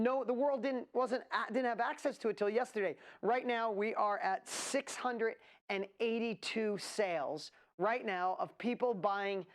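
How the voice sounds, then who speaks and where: Woman, event host, energetic, rambling, hype-building. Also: medium pitch. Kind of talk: energetic live webinar presentation.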